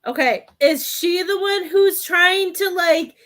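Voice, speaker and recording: In a very high, fairly bright voice, a woman speaks slowly through a psychic medium reading on a live stream. Hesitant and rambling, she uses lots of fillers and keeps getting choked up with emotion.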